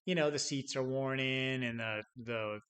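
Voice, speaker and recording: A middle-aged man explains sales tactics off the cuff, at an ordinary pitch for a man. He tells stories and acts out the people in them. He stumbles and repeats words as he goes. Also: measured pace, fairly bright tone. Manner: storytelling with acted-out quotes and chuckles; many restarts and repeated words. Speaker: sales trainer. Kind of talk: unscripted teaching talk.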